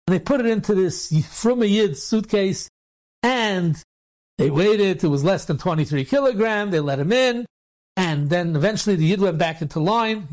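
High-voiced, animated male storyteller. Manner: acts out the dialogue in different voices, sometimes shouting; loose spoken phrasing with restarts and repeated words. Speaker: rabbi storyteller.

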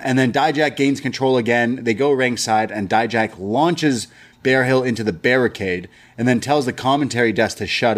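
A man co-hosting a wrestling review podcast, recapping matches in casual chat and acting out quoted lines in lively bursts. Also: mid-range voice.

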